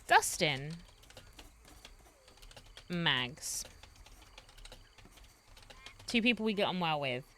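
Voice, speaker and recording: A woman's voice: low-pitched, sing-song, drawn-out words, long pauses, fairly bright tone, a little hiss or hum. A woman streaming a roleplay game, chatting in a rambling way and laughing often. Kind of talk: casual chat while streaming a roleplay game.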